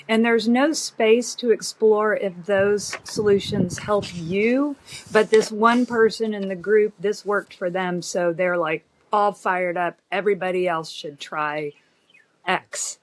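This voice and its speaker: Woman, 50s, doctor guest, very slow pace, reflective, pausing, medium pitch. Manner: measured and reflective, frequent pauses and fillers. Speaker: OB-GYN guest. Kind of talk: conversational podcast interview.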